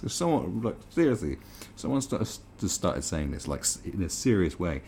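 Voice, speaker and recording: British guy ranting in disbelief, lots of swearing, low gravelly voice, slight hiss under it. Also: sing-song, moderate pace, darkish tone. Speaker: commentary host. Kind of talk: reaction commentary.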